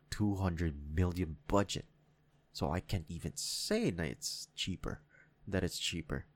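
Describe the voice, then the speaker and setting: A young man with a deep, low voice talks through a solo podcast episode, swearing freely and wandering from topic to topic. The sound is dry and close on the mic, with no room around it. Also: no room sound. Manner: profane, rambling, animated rants. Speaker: podcast host. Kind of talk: casual solo podcast monologue. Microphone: studio mic.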